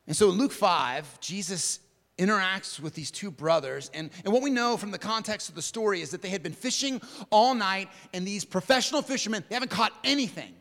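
A male preacher delivering a sermon in a dramatic way, swinging from emphatic lines to hushed ones. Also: high-pitched, animated, a little fast, big-room sound.

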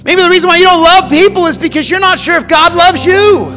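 A male pastor preaching a sermon, swinging between loud passionate emphasis and hushed quiet stretches, often repeating words as he starts a phrase. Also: very high-pitched, fast talker, long reverb tail, soft background music.

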